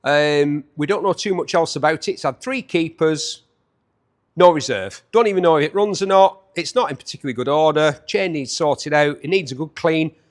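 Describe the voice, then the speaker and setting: A man's voice: on the high side, normal speed. A man in his fifties hosting a chatty, jokey walkaround preview of bikes up for auction. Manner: chatty, enthusiastic, jokey asides.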